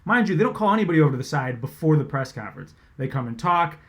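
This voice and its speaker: Guy telling a work story, pretty high voice, chatty, cusses a bit, bounces around a lot. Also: rapid-fire. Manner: animated, conversational, swears freely. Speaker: sports reporter. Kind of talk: casual storytelling.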